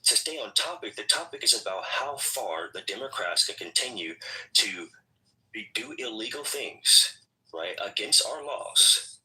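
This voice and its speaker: A man with a lowish voice and a very bright, forceful tone argues a political point, talking over others and repeating himself. He sounds set back from the microphone. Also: animated, measured pace, far from the mic, poor audio. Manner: interrupts, repeats himself, insists on finishing. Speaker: host of a political discussion room. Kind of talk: heated political debate.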